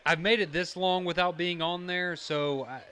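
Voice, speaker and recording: A man's voice: high-pitched, fairly even intonation, moderate pace, fairly bright tone, clean tone. A man on a sports radio show, teasing the hosts in a dry, casual way.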